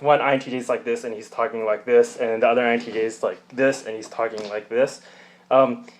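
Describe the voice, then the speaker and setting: Rambling man explaining with fillers. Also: medium pitch. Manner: rambling, gestural storytelling with many fillers and restarts. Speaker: personality type channel host. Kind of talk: casual explanatory talk to camera.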